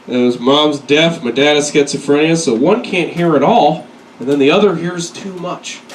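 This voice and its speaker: A young man performing a stand-up set, telling crude, self-deprecating stories and slipping into quick put-on voices. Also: medium pitch, noisy background. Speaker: stand-up comedian. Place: comedy club stage. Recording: echoey room, mic at a distance. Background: audience laughter.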